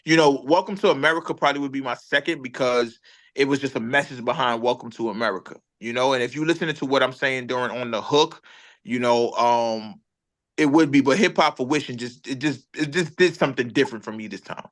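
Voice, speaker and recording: A man's voice: medium pitch, fairly quick. A man from Brooklyn, a rapper telling a story in a casual interview and acting out what others said. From Brooklyn, New York. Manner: animated storyteller, acts out other people's lines. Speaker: rapper guest.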